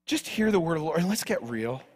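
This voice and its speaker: Male pastor, fairly high-pitched, preaching with emphatic repetition. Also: very animated, fast, a little mellow, husky. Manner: emphatic, repeats phrases, addresses the congregation directly. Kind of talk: sermon.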